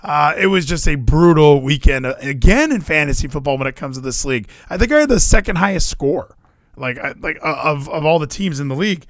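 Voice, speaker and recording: Animated young man venting about football. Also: on the high side, a little fast, no room sound, clean studio sound. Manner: animated, swears, frequent fillers and restarts. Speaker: podcast co-host. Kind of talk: casual sports chat.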